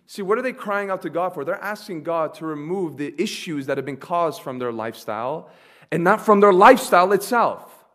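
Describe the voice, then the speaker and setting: A man preaching a sermon, asking the congregation questions and swinging between soft asides and loud, emphatic lines. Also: fairly high pitch, lively intonation, a little fast. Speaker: pastor.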